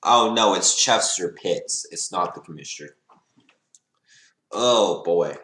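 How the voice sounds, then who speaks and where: A young man giving rambling, excitable live reaction commentary as a fan, laughing and sighing between remarks. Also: sits low, slow pace, reverberant.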